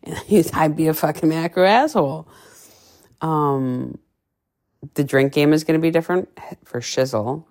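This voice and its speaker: Gravelly low-voiced brash woman coach. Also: measured pace, long pauses. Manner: brash, profane, animated storytelling with playful voices. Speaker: fitness and nutrition coach. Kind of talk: casual podcast monologue.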